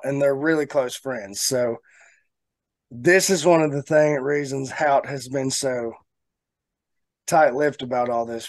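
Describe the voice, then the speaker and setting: A man co-hosting a podcast, telling a long story in a casual, animated way and laughing often. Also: medium pitch, no echo. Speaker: podcast co-host.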